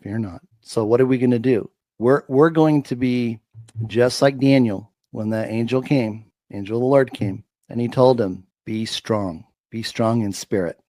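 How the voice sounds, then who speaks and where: A man talks with the emphatic cadence of a preacher, hammering and repeating his points. His voice sits at an ordinary middle pitch. The sound is dry and close, with no room echo. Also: normal speed, warm tone. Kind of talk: preachy faith-filled commentary.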